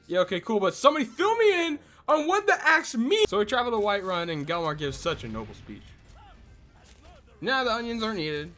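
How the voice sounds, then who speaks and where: Young male narrator, very animated, sarcastic and exasperated comic recap. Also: sits high, moderate pace, faint music behind. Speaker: video creator. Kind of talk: comedic game recap narration.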